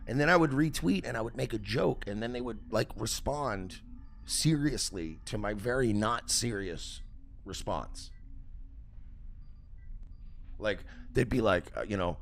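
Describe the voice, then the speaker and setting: A man hosting a livestream, telling a story in a profane, animated rant. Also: fairly low pitch, normal speed, background noise. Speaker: host.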